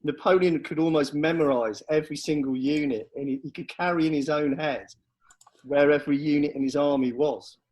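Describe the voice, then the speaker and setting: A man's voice: a little high, fairly even intonation, fairly quick, darkish tone, dull audio. A man on a casual podcast, eagerly explaining historical campaigns and tactics. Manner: enthusiastic, explanatory, with frequent restarts. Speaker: history guest explaining battles. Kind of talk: casual chat.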